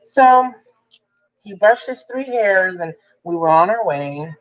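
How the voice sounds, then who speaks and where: A young adult woman telling a personal story in a casual, chatty way, jumping up in pitch when she quotes people. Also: a little slow, low-quality recording. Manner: chatty, animated when quoting others. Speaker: vlogger.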